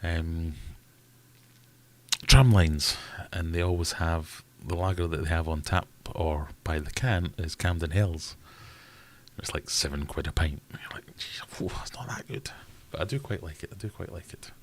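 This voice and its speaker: Scottish male livestream host, low-pitched, easygoing, reads viewer chat aloud. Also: steady tone, measured pace, slight background noise. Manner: chatty, reads out viewer comments. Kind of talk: casual live Q&A chat.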